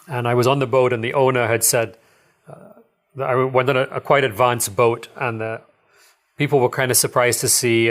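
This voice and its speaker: A man's voice: medium pitch, a bit bright. A middle-aged man who owns a dive shop, telling rambling, enthusiastic stories as a podcast guest, full of fillers and chuckles. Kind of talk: casual storytelling interview.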